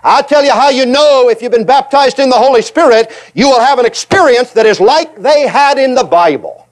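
High-voiced animated male preacher. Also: normal speed. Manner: animated, acts out voices of reluctant believers; emphatic repetition. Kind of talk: sermon.

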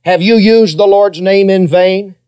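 A pastor preaching to his church congregation, his voice dark and mellow yet pitched a little high for a man. He swings from ringing emphasis to hushed, low phrases. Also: steady tone, a little slow, clear, resonant tone. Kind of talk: sermon.

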